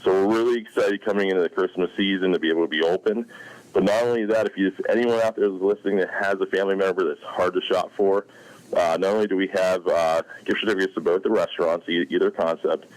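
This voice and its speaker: A man with a very deep, low voice rattles off a promotional pitch at a brisk clip. He speaks as a guest on a radio show and lists his offers one after another. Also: fairly even intonation, poor audio. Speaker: guest, resort representative.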